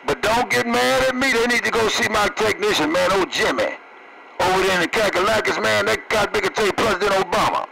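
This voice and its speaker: A man's voice: sits high, brisk, creaky, a crowd in the background. A man trading jokes over CB radio, using radio lingo and laughing between lines. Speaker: CB radio operator. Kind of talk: CB radio banter. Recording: noisy CB radio transmission.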